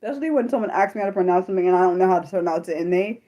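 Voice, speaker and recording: A woman's voice: rapid-fire, muffled recording. Young woman rambling on her livestream, swears a lot, jumps from squeals to mumbles. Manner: expressive, swinging from laughing squeals to low mutters; self-deprecating and apologetic, with frequent swearing. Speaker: livestream host. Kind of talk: unscripted livestream chat with viewers.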